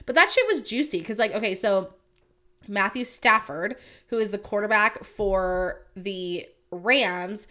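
A woman hosting a casual chat show, talking fast and loose with lots of filler words, swinging between excitement and exasperation. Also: mid-range voice. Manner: chatty, filler-heavy "like" talk.

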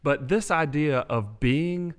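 Animated preaching man. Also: on the high side, slow pace. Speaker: podcast co-host. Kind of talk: faith podcast discussion.

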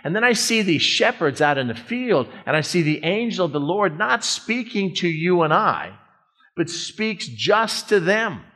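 A man's voice: high-pitched, very animated, measured pace, fairly bright tone. A middle-aged man, a pastor, preaching a conversational, folksy sermon and drawing out words for emphasis.

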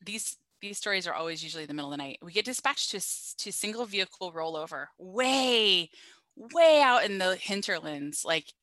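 A woman paramedic telling a story in casual chat, animated, swearing freely and laughing as she goes. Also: fairly low pitch, brisk, no echo, poor audio.

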